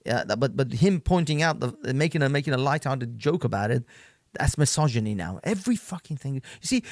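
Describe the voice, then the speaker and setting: A man's voice: mid-range voice, animated, fairly quick, no echo, studio quality. A man hosting an online stream, reacting to clips in a loose, rambling rant full of repeats and laughs. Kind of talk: casual ranting commentary.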